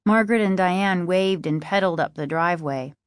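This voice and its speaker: A woman's voice: lowish voice, fairly quick, no echo, studio quality. Woman narrating a storybook. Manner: steady, even storytelling. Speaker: audiobook narrator. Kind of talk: scripted narration.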